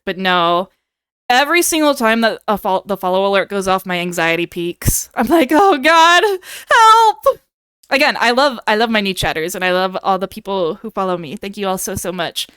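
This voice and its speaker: A woman's voice: medium pitch, fairly bright tone, smooth, no echo, studio quality. A young woman streamer chatting casually with her viewers, playful and given to dramatic bits.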